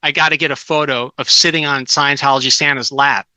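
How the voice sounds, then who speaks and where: A man's voice: medium pitch, steady tone, brisk, pushed and bright, clear, resonant tone, no echo, poor audio. A middle-aged man telling casual stories as a guest, with many restarts and fillers. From Southern California. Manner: rambling anecdotes with many restarts. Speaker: guest author. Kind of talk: casual storytelling.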